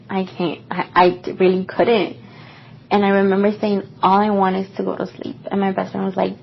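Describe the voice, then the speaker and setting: A woman's voice: mid-range voice, little pitch movement, normal speed, vocal fry, a little hiss or hum. A young woman co-hosting a podcast, telling a personal story in a casual, rambling way with lots of fillers. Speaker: podcast co-host. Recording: dull lo-fi podcast recording.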